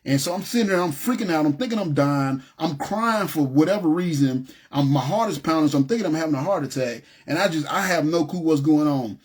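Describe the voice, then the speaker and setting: A man telling his personal testimony in an emotional, halting way, with many restarts, choking up at times. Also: a little high, animated, slightly rough. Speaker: testimony speaker.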